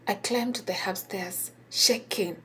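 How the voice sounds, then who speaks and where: A woman whispering a personal story, halting and hesitant with many pauses and restarts. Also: mid-range voice, a bit bright, slight background noise.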